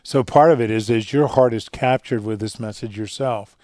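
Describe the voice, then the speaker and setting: A man with a dark, mellow voice talks earnestly as a guest on a radio show. He tells stories and lets his voice sink low and soft at the tender moments. The sound is dry and close. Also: normal speed, no room sound. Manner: earnest, storytelling, drops quiet for emotional parts. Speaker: guest speaker on fatherhood and faith. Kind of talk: conversational radio interview.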